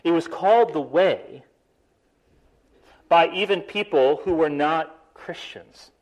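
A man preaching a sermon, animated, stressing key words and slowing down for emphasis. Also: on the high side, poor audio. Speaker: pastor.

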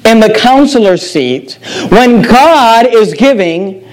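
A man preaching a sermon as pastor, emphatic, repeating phrases and dropping low to stress key words. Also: lively intonation, takes it slowly, low-quality recording. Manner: emphatic preacher with sharp pitch drops and repetitions.

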